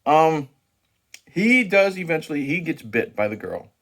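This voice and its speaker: A man's voice: a little high, very animated, unhurried, a bit bright. Profane, rambling man reviewing a horror movie. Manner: rambling, profane, with frequent restarts and fillers. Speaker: movie review channel host.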